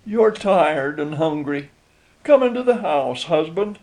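Man doing a farm wife, gentle, forgiving, high falsetto-like voice, soft tender manner. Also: lively intonation, slow pace, exaggerated voice.

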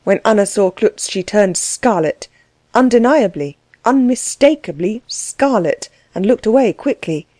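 A woman narrating a novel aloud in a measured, expressive reading. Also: medium pitch, dry recording. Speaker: audiobook narrator.

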